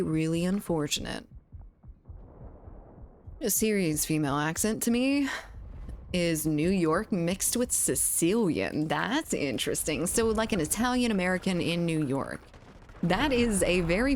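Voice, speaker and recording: A woman's voice: fairly low pitch, a little hiss or hum. A woman streaming a shooter game, chatting casually with her viewers and reading their messages aloud. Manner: chatty, reads chat aloud, laughs often. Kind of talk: casual gaming stream chat.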